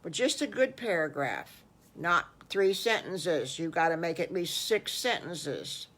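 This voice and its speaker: A woman's voice: lowish voice, animated, measured pace, a bit bright. An older woman voicing a friendly, encouraging schoolteacher. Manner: instructive, encouraging.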